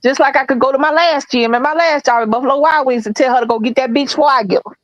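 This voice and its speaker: A woman co-hosting a podcast, telling a story in a blunt, profane, animated casual chat. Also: high-pitched, rapid-fire, no room sound, muffled recording. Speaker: podcast co-host.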